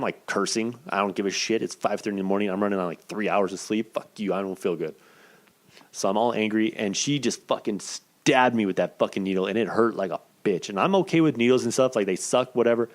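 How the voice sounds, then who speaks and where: A man with a lowish voice, hosting his own podcast and telling a story in a loose, casual way. He swears constantly and acts out what people said, jumping up in pitch and getting louder when the story gets heated. Unscripted, chatty and animated. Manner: profane, animated storytelling with acted-out quotes. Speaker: podcast host.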